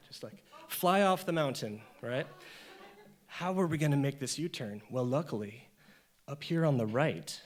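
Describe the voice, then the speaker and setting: A man doing stand-up comedy on stage, telling a story and acting out the voices in it. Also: mid-range voice. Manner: animated, acts out voices in the story.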